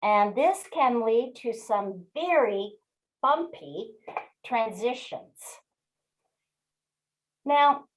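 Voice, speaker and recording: Brief: woman, 60s, webinar presenter, slightly high voice, slow deliberate storytelling that talks straight to the listener. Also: low-quality recording. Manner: slow, expressive storyteller who addresses the audience directly. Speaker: webinar speaker. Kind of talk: storytelling talk.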